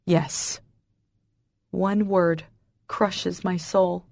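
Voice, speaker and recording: Slow, intense woman audiobook narrator. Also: fairly low pitch, no echo, studio quality. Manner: intense, emotional storytelling. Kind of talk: first-person audiobook narration.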